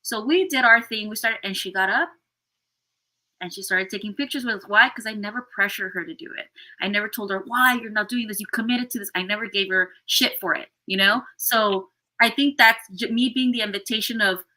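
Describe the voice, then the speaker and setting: A woman's voice: medium pitch, a little fast, low-quality recording. A woman guest on a live podcast, telling stories expressively and acting out what people said. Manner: expressive storyteller, acts out quotes.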